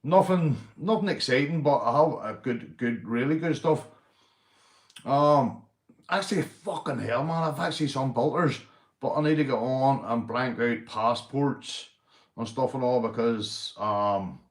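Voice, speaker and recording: A man's voice: mid-range voice, unhurried. Rambling Northern Irish man, roomy echo. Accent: Northern Irish (Belfast). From Northern Ireland. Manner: rambling, swears a lot, says mate and big up constantly. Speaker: livestream host. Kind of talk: casual livestream chat, reading out viewers.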